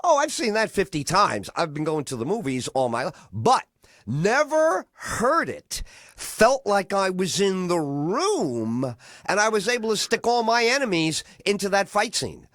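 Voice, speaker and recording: A man hosting a radio show in casual chat, telling stories in an animated, rambling way. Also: high-pitched, measured pace, no echo, clean studio sound. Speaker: radio host.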